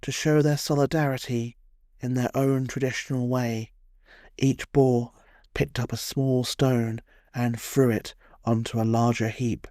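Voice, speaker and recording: A man's voice: mid-range voice, flat delivery, unhurried, dark tone, no room sound. A man narrating a scripted history tale in a wry storytelling way, with dry humorous asides.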